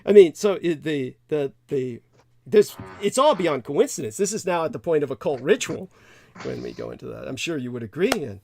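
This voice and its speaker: A man hosting a call-in talk show, rambling and halting with many restarts. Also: fairly high pitch, animated, creaky, a little mellow, a little hiss or hum. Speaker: podcast host. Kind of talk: casual call-in chat.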